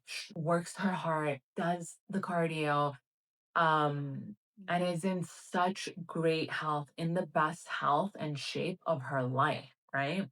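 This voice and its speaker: Woman vlogger, thirties, slightly low voice, chatty, animated, casual storytelling. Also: low-quality recording. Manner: chatty, animated, lots of "like" and "right?". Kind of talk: casual personal story to camera.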